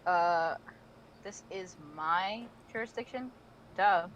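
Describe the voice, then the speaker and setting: A woman voicing a firm, caring young female vigilante in a live fan audio drama read, teasing at times and softly concerned. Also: lowish voice, takes it slowly, dull audio, a little hiss or hum. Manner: teasing then soft and concerned.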